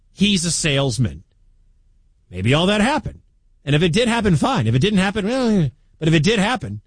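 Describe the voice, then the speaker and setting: A man's voice: high-pitched, husky, no room sound. A middle-aged man from the American Midwest hosting sports talk radio, chatty and incredulous.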